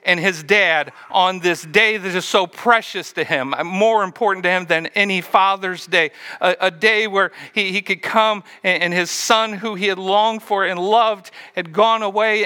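A man's voice: high-pitched, pushed and bright, smooth. A man preaching a sermon, retelling a story and asking the listeners questions along the way. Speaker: pastor.

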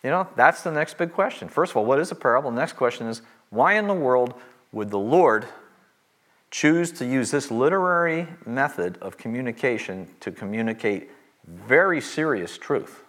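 Middle-aged guy teaching bible class, emphatic, says the big points twice real slow. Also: medium pitch, lively intonation, fairly bright tone. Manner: emphatic, repeats key phrases slowly.

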